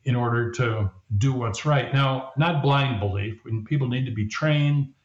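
Heard on a roomy, dull lo-fi recording, a man with a mid-range voice speaks unhurriedly as a podcast interview guest. He is a leadership coach and author who explains his ideas and sometimes voices the people he quotes.

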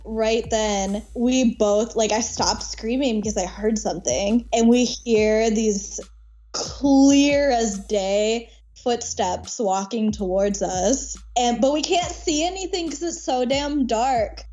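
Slow-talking, animated woman telling a story. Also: fairly high pitch, lo-fi sound, soft background music. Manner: animated, laughing often, casual swearing. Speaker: podcast guest. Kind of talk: casual interview storytelling.

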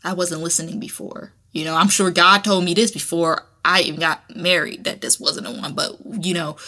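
Woman podcast host, conversational and frank, bright clear voice. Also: fairly low pitch. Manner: candid and conversational, with colloquial phrasing and frequent restarts. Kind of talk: casual personal talk.

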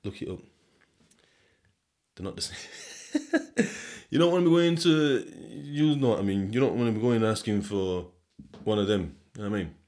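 With long pauses and a darkish tone, this lowish-voiced young man from Sheffield, England, hosts a podcast at a moderate pace in his Sheffield accent. It's a loose, rambling monologue, peppered with swearing and chuckling.

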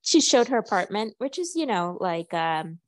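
A woman's voice: medium pitch, sing-song, moderate pace. A woman co-hosting a casual pop culture podcast, chatting loosely, laughing often and slipping into mock voices when she quotes people. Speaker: podcast co-host. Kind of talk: casual chat.

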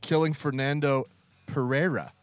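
A man hosting a podcast in casual chat, lively and laughing as he reads out trivia. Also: mid-range voice, normal speed, faint music behind. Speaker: podcast host.

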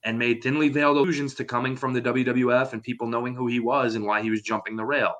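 Bright-voiced man explaining on a podcast. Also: mid-range voice, flat delivery, fast. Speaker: podcast co-host. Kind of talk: casual chat.

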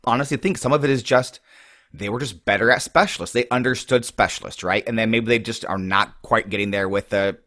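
Podcast co-host, man, rambling casual chat, lowish voice, dry close mic. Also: brisk, sharp tone, no echo. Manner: chatty, rambling, lots of fillers.

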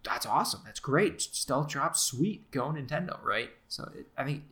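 A man's voice: medium pitch, lively intonation, normal speed, fairly bright tone. A man co-hosting a gaming podcast, talking casually with lots of hedges and "right?" checks. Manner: chatty, hedging, many "like" and "right?". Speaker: podcast co-host.

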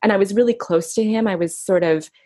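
A middle-aged woman speaking softly and reflectively in an intimate interview, often pausing and restarting her sentences. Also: medium pitch, no room sound, studio quality. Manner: soft, reflective, halting with restarts. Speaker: guest recounting her husband's death.

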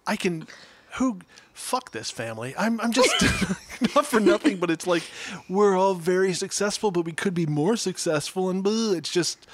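A man's voice: high-pitched, expressive, moderate pace, no echo. A man co-hosting a casual podcast, recapping a TV episode with sarcastic, swearing jokey asides. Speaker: podcast co-host.

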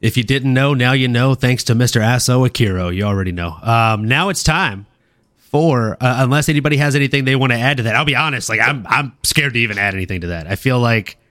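A man from Louisiana hosting a casual livestream podcast, excitable and swearing freely, often laughing. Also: medium pitch, fast talker. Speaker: podcast host.

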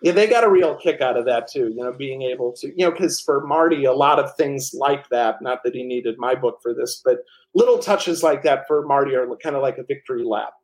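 A man telling animated stories as the author and guest in a casual interview, with many restarts. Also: medium pitch, brisk, poor audio.

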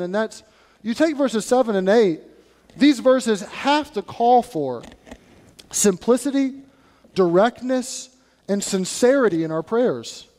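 A male pastor giving a sermon in an animated, conversational way, with acted asides, in a church sanctuary. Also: high voice, in a large hall.

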